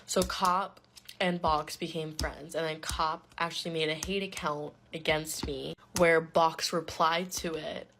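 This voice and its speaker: A young woman with a low voice and a lot of gravelly fry tells a school storytime. She talks in a chatty, blunt way, swearing freely and dropping "like" all the time. A faint hiss sits under her voice. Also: steady tone, measured pace, a bit bright. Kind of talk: casual storytime.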